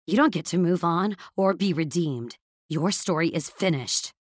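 Female narrator as a wounded young woman turned icy; low, quiet, controlled. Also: moderate pace, no echo, natural voice. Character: young woman, hurt and coldly resolved. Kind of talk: audiobook character voice.

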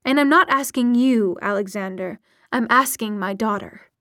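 A woman's voice: fairly high pitch, moderate pace, dry recording, clean studio sound, lightly acted. A woman reading aloud and voicing a stern, tired middle-aged mother with a clipped, commanding manner. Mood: demanding.

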